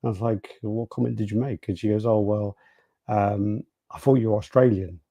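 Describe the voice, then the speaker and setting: A man's voice: lowish voice, fairly even intonation, normal speed, warm tone, no echo. A British man co-hosting a podcast, casually telling stories and reading out live chat messages. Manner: rambling storyteller, acts out quotes. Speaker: podcast co-host.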